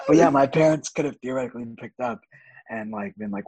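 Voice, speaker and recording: A young man speaks as a podcast guest in a very husky, gravelly voice. His pitch moves in a lively way as he talks openly, and he laughs often. The sound is close and dry. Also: normal speed, no room sound, low-quality recording. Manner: open and animated, laughs often. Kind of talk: candid casual chat.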